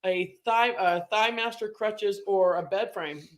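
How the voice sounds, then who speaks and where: A man's voice: high voice, a little slow, fairly bright tone. A man with a Midwestern American accent, a guest comedian trading playful quips on a chat show. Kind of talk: casual comedic banter.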